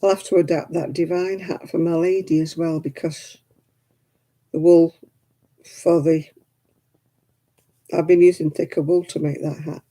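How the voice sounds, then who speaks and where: A woman's voice: low-pitched, level tone, a little slow, long pauses, warm tone. A woman hosting a crafting livestream at home, chatting casually and rambling as she crochets, counting stitches under her breath. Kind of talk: casual chat while crocheting. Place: at home indoors.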